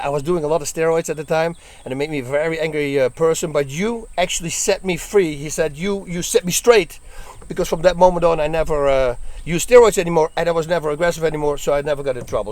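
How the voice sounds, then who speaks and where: Animated man telling bar stories. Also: on the high side. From Netherlands. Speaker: former bouncer telling stories. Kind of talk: casual storytelling.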